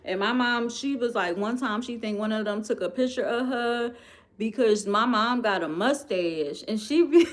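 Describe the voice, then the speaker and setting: A woman's voice: on the high side, moderate pace. A woman with a Philadelphia accent on a livestream, chatting casually and expressively while reading viewer comments aloud. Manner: chatty, expressive, addresses viewers as "y'all" and "girl". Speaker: livestream host.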